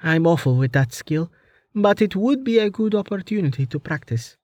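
A man's voice: sits high, lively intonation, normal speed, a little mellow, dry recording, pitched above the performer's own voice. A man voicing a practical young woman mage in a raised, dry, matter-of-fact voice.

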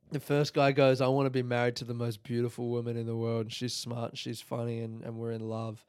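A man telling a long rambling joke on a podcast, acting out characters with sudden high yelps and swearing. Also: little pitch movement, moderate pace, clear, resonant tone, no echo, studio quality. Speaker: comedian podcast host. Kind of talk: rambling comic storytelling.

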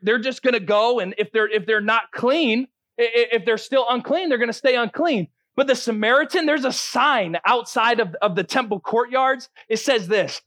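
A man's voice: very high voice, fairly bright tone, no room sound. A man preaching a sermon as a pastor, earnest and teaching, often restarting his sentences.

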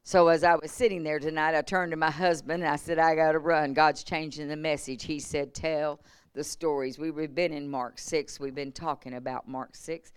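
A woman evangelist preaching at a church revival, moving from hushed storytelling to shouted emphasis. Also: low voice, steady tone, moderate pace, few pauses, clear, resonant tone, no room sound. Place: church service.

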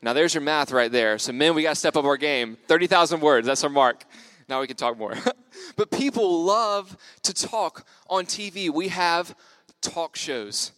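A man's voice: a little high, lively intonation, normal speed, fairly bright tone, no room sound. A man gives a casual, storytelling sermon, joking at his own expense and laughing often. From United States. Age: 20s. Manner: upbeat, joking, self-deprecating, laughs often. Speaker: young church speaker.

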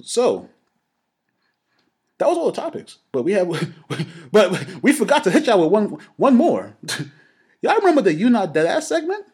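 Young man, high voice, husky, lively swoops, casual podcast banter, laughs a lot. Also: normal speed. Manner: laughing, animated storytelling. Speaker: podcast co-host. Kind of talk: casual chat.

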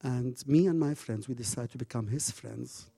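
Male preacher, husky voice, impassioned storytelling sermon with slightly broken phrasing. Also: mid-range voice, normal speed. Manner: impassioned, swinging from hushed to loud.

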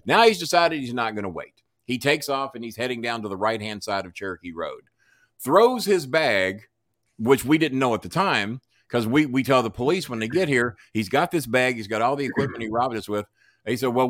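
A man's voice: medium pitch, expressive, a little fast, fairly bright tone, dry recording, clean studio sound. A man telling a long story as a podcast guest, swearing freely and acting out each person's lines. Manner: profane, acts out dialogue in voices. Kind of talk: animated storytelling.

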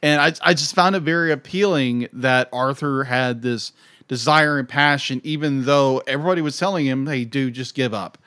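A man's voice: on the high side, moderate pace, clean tone, no room sound, studio quality. A man co-hosting a podcast, chatting casually and animatedly about a film. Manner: animated, breaks into silly voices. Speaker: podcast co-host. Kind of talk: casual film review chat.

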